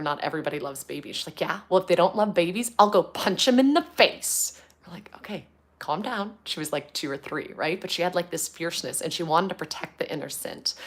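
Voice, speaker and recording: A woman's voice: low-pitched, vocal fry. A woman in her thirties, a podcast host, talking earnestly and casually at home with lots of fillers. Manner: chatty, earnest, many fillers. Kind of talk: casual talk to camera.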